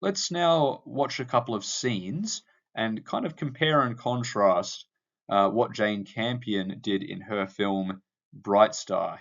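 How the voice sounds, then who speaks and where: A man's voice: lowish voice, lo-fi sound. A male teacher explaining a poem to his class, with frequent ums and uhs. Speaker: English teacher. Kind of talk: lecture on poetry analysis.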